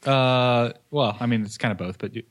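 A man's voice: mid-range voice, moderate pace. A man co-hosting a podcast in casual banter, playful and goofy, laughing often, recorded on a microphone in an office. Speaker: podcast co-host. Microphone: studio microphone.

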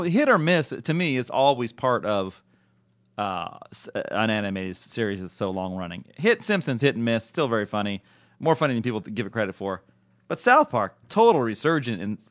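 Male podcast co-host, animated and laughing, loose casual delivery. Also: medium pitch, no room sound, studio quality. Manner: animated, laughs often, restarts. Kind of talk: casual banter.

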